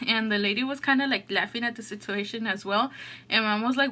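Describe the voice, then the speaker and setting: Slightly high and a bit fast, her voice has a sharp edge. The eating-show host tells a meandering, casual story thick with fillers such as "like" and "oh my gosh."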